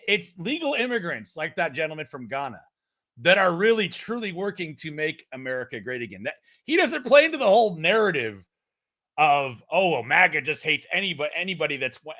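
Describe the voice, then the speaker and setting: Animated, bright-voiced man streaming commentary. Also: a little high. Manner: excitable, swearing, laughing, animated. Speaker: host of a political news stream. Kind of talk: casual live-stream commentary. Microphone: streaming setup mic.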